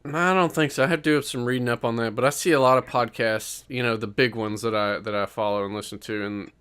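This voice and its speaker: A man's voice: medium pitch, steady tone, quick pace, a bit bright, clean tone. A man co-hosting a podcast in casual chat, rambling and hedging with lots of fillers. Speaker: podcast co-host.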